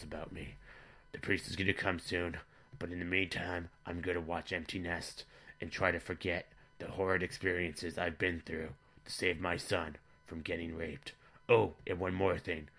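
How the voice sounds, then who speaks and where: Deep, bright-edged deadpan comic man. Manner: rambling, matter-of-fact deadpan storytelling. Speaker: comedy vlogger in character as a father.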